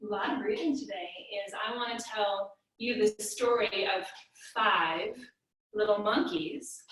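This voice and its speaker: A woman's voice: mid-range voice, measured pace, a bit bright. A woman leading a playful yoga class for small children, telling a rhyme story in a sing-song way. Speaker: kids yoga teacher. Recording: echoey room, mic far off.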